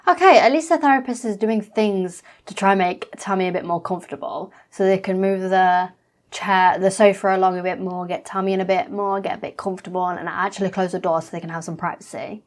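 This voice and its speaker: Girl chatting over a reality show, blunt, swears a lot, mid pitch. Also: a little fast. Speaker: reaction vlogger.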